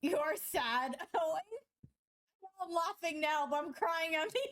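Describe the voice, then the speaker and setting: High-voiced giggly woman streamer. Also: expressive, slow pace, a bit bright. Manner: giggly, rambling, laughs often mid-sentence; playful self-mocking banter. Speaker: artist streaming live. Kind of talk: casual chat to stream viewers while drawing.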